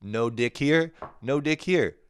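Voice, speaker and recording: A young man hosting a crude solo comedy podcast, swearing freely, laughing at his own jokes and jumping into loud mock quotes. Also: mid-range voice, slow, clear, resonant tone. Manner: profane, laughing, shifts into shouted mock quotes.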